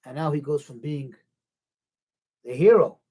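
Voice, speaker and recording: Breathy man telling a dramatic story. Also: a little high, unhurried, mellow. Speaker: teacher. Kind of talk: storytelling lesson.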